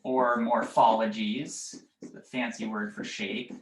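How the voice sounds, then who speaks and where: A man's voice: mid-range voice, little pitch movement, slow, a little hiss or hum. A man teaching a biology class, explaining step by step with frequent fillers and checking questions to his students. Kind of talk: classroom lecture. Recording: echoey classroom.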